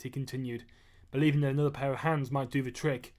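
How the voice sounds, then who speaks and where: A man reading a chapter of his own novel aloud on a live stream, measured and steady, after a casual greeting. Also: mid-range voice. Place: at home. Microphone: webcam or phone mic.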